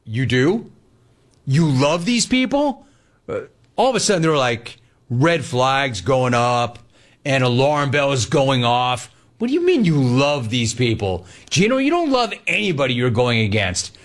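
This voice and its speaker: A man's voice: mid-range voice, sing-song, moderate pace. A man hosting a sports talk radio show, giving a sarcastic and emphatic monologue.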